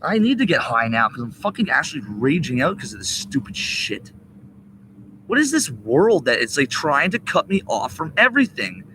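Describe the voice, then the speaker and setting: A man's voice: fairly high pitch, very animated, normal speed, background noise. A young man ranting profanely into a laptop webcam during a rambling livestream, agitated and cursing. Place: indoors at a laptop. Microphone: laptop webcam mic.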